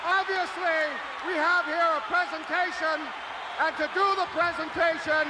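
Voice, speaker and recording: A man's voice: very high-pitched, level tone, normal speed. A man hosting a live interview segment in an arena, theatrical and showy. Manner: showy, theatrical, shouting over the crowd. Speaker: wrestling interview segment host. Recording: loud arena crowd noise. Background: loud cheering crowd.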